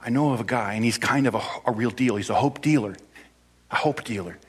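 A man's voice: mid-range voice, brisk, husky, voice pushed down, natural voice. A man doing a bold young servant girl. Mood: earnest. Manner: earnest, encouraging.

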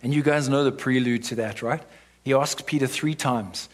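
Husky-voiced man preaching a sermon. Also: medium pitch, normal speed. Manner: emphatic, with rhetorical questions and frequent "right?". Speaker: pastor.

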